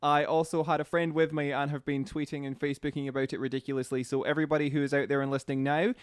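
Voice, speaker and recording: A man's voice: on the high side, flat delivery, racing, smooth, no echo, clean studio sound. A man co-hosting a podcast, talking in a chatty, thoughtful way with frequent ums. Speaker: podcast co-host. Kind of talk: casual podcast chat.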